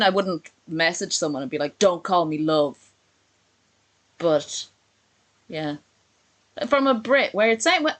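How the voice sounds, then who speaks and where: A woman's voice: mid-range voice, fairly bright tone. A woman chatting casually on a live stream, sarcastic and chatty as she reacts and reads messages aloud.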